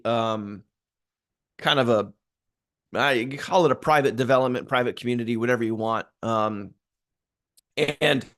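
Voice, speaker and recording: A man's voice: mid-range voice, a bit bright. A man hosting a live stream in casual chat, upbeat and rambling, greeting viewers by name. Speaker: livestream host.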